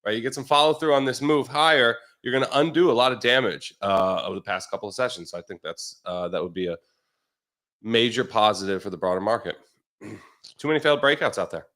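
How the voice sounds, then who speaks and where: A man discussing stock charts in casual chat over a video call, measured and plain. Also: lowish voice, a bit bright. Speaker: research director co-host.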